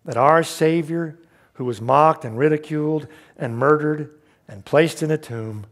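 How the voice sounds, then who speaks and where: A man preaching a sermon as pastor, swinging from emphatic calls to quiet asides and light jokes. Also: a little high.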